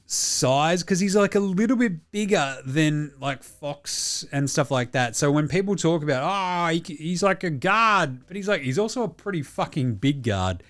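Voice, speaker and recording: An Australian man hosting a solo sports talk show, bluntly rambling and swearing constantly as he reads out listener messages. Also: a little high. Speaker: podcast host.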